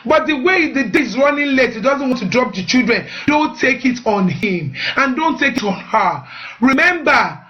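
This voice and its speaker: High, bright-voiced woman giving marriage advice. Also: sing-song, moderate pace, highs cut off. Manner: earnest, repeats words while finding them, urging listeners. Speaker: host of a marriage advice show. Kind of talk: live-streamed advice talk.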